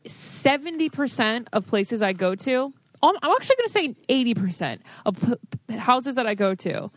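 A woman's voice: on the high side, big pitch swings, moderate pace, no room sound. Blunt, casual woman co-host. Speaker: podcast co-host, hairstylist. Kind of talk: casual chat.

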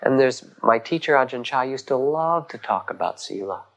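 A man giving a dharma talk as a meditation teacher, gentle and reflective, pausing often and rising in emphasis on key words. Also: medium pitch, animated, gravelly, rough recording.

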